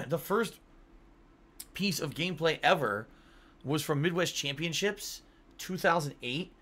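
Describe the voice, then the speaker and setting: Man, home streamer, casual rambling chat to chat, bright forceful tone, a little tired. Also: on the high side, expressive, measured pace. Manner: rambling, swears casually, reads donor messages aloud. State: yawning, tired.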